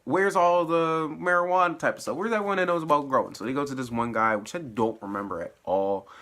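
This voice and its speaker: An excitable man recaps a TV episode from home in a bright, forward voice. He talks in loose slang, laughs often, and swings from low mutters to sudden high exclamations. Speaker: TV episode reviewer. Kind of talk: casual spoiler recap.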